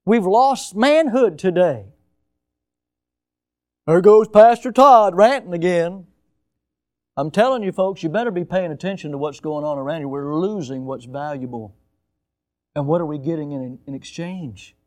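Preaching a little slowly with frequent pauses, the male pastor delivers a sermon full of emphatic shifts in volume and speed. Now and then he mocks with put-on high voices.

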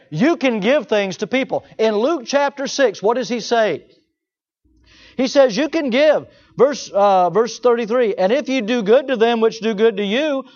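A man preaches a sermon in a high voice, firing rhetorical questions at his listeners and voicing the excuses of imagined objectors. The recording sounds dull and lo-fi.

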